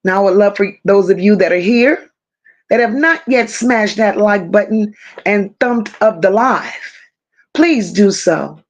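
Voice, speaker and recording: A woman with a medium-pitched voice hosts a casual livestream, speaking a little slowly as she greets viewers one at a time with pet names like baby and boo. The livestream audio sounds dull and lo-fi.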